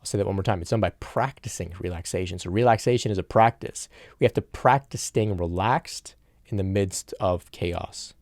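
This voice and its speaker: Gravelly low-voiced man teaching calmly. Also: moderate pace, dry recording, studio quality. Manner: calm, repetitive, reassuring, with frequent "of course" and "okay?". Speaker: spiritual teacher. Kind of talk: solo spiritual talk to camera.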